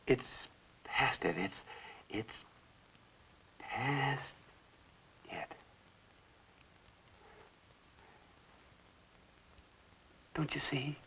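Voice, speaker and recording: An actor playing an obsessed man in a 1960s television drama, swinging between whispers and shouts as he raves about money. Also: high-pitched, gravelly, slightly rough, heavily acted. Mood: pleading.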